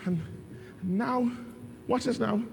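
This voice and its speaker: A middle-aged man, a pastor, preaching a sermon in a dramatic storytelling way that swings from hushed to loud. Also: very high voice, slow pace, gravelly, a little hiss or hum.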